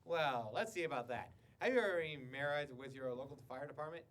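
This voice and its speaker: A man's voice: a little high, brisk, fairly bright tone, close to an everyday voice. A man playing a slick, sarcastic game-show host with mock politeness. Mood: smarmy.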